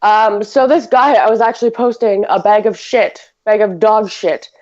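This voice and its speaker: A woman hosts a casual podcast, talking in a loose, rambling way full of fillers and quick giggles. Her voice sits at an ordinary pitch. The audio is a bit dull and lo-fi. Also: steady tone, a little mellow. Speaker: podcast host. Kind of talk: casual chat.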